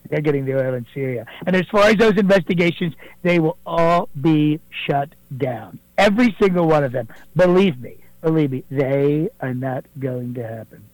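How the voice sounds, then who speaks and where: Guy doing bragging gravelly president voice, keeps saying things twice, kinda high, dry. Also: expressive, normal speed, few pauses, no room sound, natural voice, poor audio. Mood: boastful. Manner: bragging, repetitive, swings up and down in pitch. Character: impression of a boastful male president. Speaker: impressionist caller.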